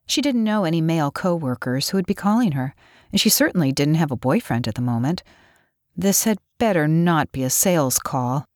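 A woman giving measured, expressive audiobook narration. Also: deep voice, dry recording, studio quality.

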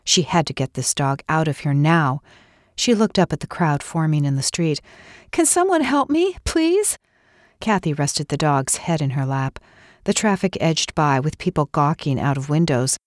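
A woman narrating a novel in a measured, expressive storytelling voice. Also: deep voice, no echo, clean studio sound. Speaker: audiobook narrator. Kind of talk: scripted narration.

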